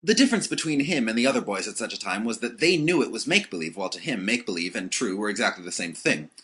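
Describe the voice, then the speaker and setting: A man narrating an audiobook with expressive storytelling. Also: fairly low pitch, fast, husky.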